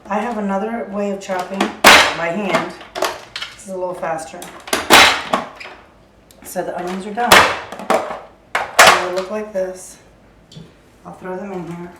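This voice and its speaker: A woman's voice: lowish voice, fairly even intonation, measured pace, pauses often, recorded from a distance, heavy background noise. Chatty woman cooking in an echoey kitchen. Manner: chatty, thinking aloud as she works. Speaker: home cook. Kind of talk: casual cooking demonstration. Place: home kitchen. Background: clattering dishes, utensils and drawers.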